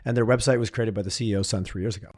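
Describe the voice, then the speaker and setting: A male podcast host chatting casually, talking in animated run-on bursts. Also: fairly low pitch, racing. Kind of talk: casual conversational interview.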